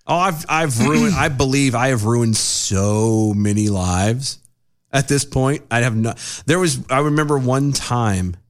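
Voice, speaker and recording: Animated man telling a prank-call story. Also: mid-range voice, unhurried. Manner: animated storyteller who acts out both sides of phone calls. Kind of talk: casual chat, storytelling.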